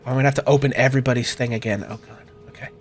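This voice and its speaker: A man running a tabletop game as game master, talking in a relaxed way with many fillers. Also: mid-range voice, racing, background noise.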